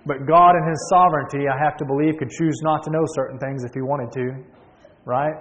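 Male preacher, higher-pitched, storytelling sermon with restarts, long hall echo. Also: steady tone, a little fast, a bit bright. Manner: storytelling, with emphatic repeats and restarts.

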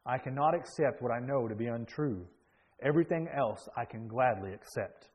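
A devout young soldier speaking quietly and steadily as a preacher reads him out. He sounds earnest and calm. The voice sits at a middling pitch. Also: moderate pace, husky, natural voice, low-quality recording. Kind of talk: sermon story reading.

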